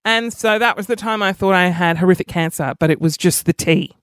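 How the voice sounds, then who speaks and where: A man's voice: sits high, brisk, a bit bright, smooth, dry recording, clean studio sound. A man hosting a podcast, telling self-mocking stories in a chatty, casual way and swearing freely. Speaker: podcast host. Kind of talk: casual comic storytelling.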